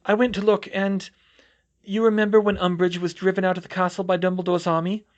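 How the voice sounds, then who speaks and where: A man voicing a distraught middle-aged woman teacher who rambles in halting, broken sentences and sobs. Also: sits high, flat delivery, muffled recording, voice pushed up, close to an everyday voice. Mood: rattled. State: sobbing.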